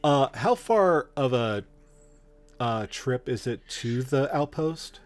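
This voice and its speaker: Hesitant mid-voiced player. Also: male voice, mid-range voice, expressive, slow, soft background music. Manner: hesitant, full of fillers and restarts. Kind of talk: casual tabletop game talk.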